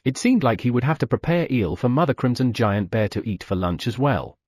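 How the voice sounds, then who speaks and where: A man narrating an audiobook in a lively storytelling manner, voicing the sound effects. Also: medium pitch, fairly quick, breathy edge, no echo, clean studio sound. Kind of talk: scripted narration.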